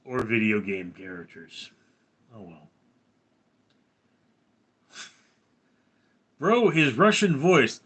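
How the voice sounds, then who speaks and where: A man's voice: medium pitch, sing-song, drawn-out words, pauses often, fairly bright tone. A man hosting a live stream, who reads viewer names from chat and teases them. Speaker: livestream host. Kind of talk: casual live chat reading.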